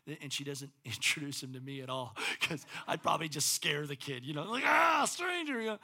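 A middle-aged pastor delivering a sermon, swinging from loud, intense preaching to quiet, personal storytelling. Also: male voice, mid-range voice, fairly even intonation, fairly quick.

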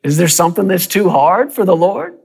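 A man preaching a sermon with a slightly high voice. He speaks in an animated style, surging into quick excited runs and then falling to near-whispers. His delivery is dramatic. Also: gravelly, slightly rough. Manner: animated preaching with quick bursts and sudden drops to a hush. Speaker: pastor.

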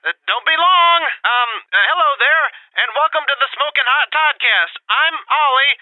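A man's voice: very high voice, moderate pace, no room sound, phone-quality sound. A man voicing a nervous, stammering sidekick in a comedy podcast skit. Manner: nervous, hesitant, stammering fillers. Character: nervous young male sidekick Ollie.

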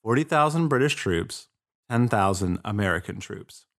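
Laid-back, low-voiced man telling history. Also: animated, moderate pace, vocal fry, a bit bright. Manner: irreverent, swearing, jokey asides. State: a bit tipsy. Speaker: podcast host. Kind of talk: casual history podcast narration.

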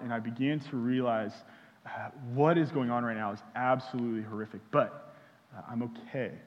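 A young man from Houston preaching a sermon, halting often with fillers and restarts as he speaks. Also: mid-range voice. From Houston, Texas. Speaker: pastor. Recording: dull sound in a reverberant hall.

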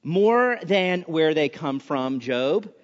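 Preaching slowly and expressively in a voice on the high side, this chapel speaker keeps things conversational. He shoots out pointed rhetorical questions laced with sarcasm, and the recording has a dull sound with hall reverb.

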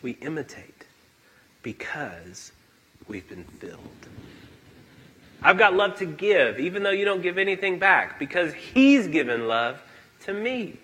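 A male pastor preaching a sermon in a church, emphatic and animated, acting out quotes. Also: high-pitched, measured pace, pauses often, husky, low-quality recording.

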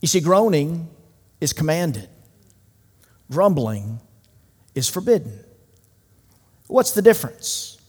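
A man's voice: on the high side, sing-song, slow, long pauses, breathy edge. Emphatic preaching man in a reverberant hall. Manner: emphatic, swings from loud to hushed. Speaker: pastor. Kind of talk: sermon. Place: large room with an audience.

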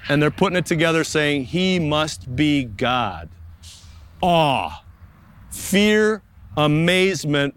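A young man preaching a sermon outdoors in a park. His voice sits a little high for a man, and he talks earnestly, stretching out key words with slow pauses. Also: a bit bright, no echo. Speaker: pastor.

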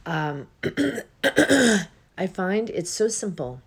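A woman giving an unhurried, reflective spiritual talk as a healing coach, with many pauses and yawns. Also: mid-range voice, big pitch swings, breathy edge. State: yawning.

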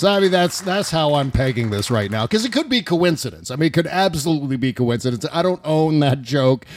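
A man hosting a political comedy podcast, rambling and profane and quick to laugh. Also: on the high side, no echo. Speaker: podcast host. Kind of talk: casual political comedy chat.

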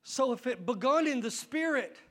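A man's voice: very high voice, lively intonation, normal speed. A male pastor preaching a fervent sermon, calling out to the congregation in folksy, colloquial phrasing. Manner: shouting, fervent preaching with call-and-response.

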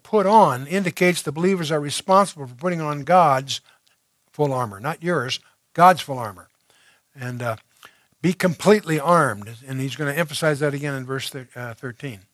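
A man's voice: fairly high pitch, no echo. A man teaching through a Bible passage verse by verse, reading scripture aloud and then explaining it in a conversational way, with fillers and restarts.

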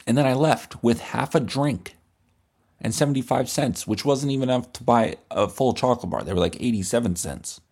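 A man hosting a comedy podcast, telling a crude, deadpan, rambling comic story. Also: medium pitch, moderate pace.

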